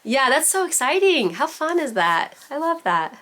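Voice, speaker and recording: A woman's voice: high-pitched, sing-song, moderate pace, a bit bright. A woman teaching a parenting class over a video call, talking in a chatty way full of "like" and "you know". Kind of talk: casual virtual class teaching.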